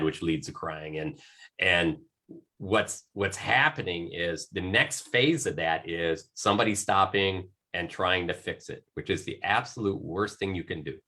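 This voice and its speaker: A man with a low, forceful voice talks casually on a coaching panel. He rambles, restarting and filling his sentences as he goes. He sounds middle-aged. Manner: rambling, many restarts and fillers.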